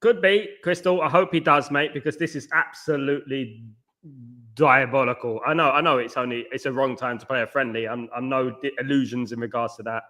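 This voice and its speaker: Bright-voiced man hosting a late-night football watchalong. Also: medium pitch, steady tone, fairly quick. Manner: rambling, reads viewer comments aloud and answers them; blunt and scornful about the match. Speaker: watchalong host. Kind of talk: live football watchalong chat.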